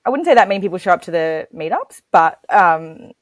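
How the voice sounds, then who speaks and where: Chatty Australian woman, slightly low voice. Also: expressive, brisk, dry recording. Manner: chatty, laughs often, many fillers. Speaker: podcast guest. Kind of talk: casual chat.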